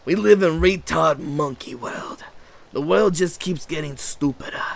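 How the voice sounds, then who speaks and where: A man's voice: on the high side, a little slow, creaky. A man hosting his own channel, rambling through a sarcastic, profanity-heavy rant and mocking other people's voices. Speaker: channel host. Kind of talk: rambling ranting monologue.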